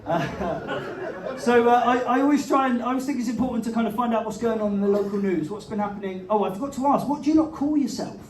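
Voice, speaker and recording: At a live comedy venue, a man with a very high voice talks fast through a chatty, self-deprecating stand-up set, frequently laughing at his own material. The recording is roomy and distant, with crowd laughter and a noisy background.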